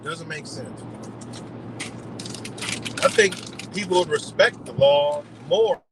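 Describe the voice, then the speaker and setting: A man's voice: a little high, slow, background noise. A man on a live stream delivering a heated, profane rant full of rhetorical questions. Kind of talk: ranting monologue.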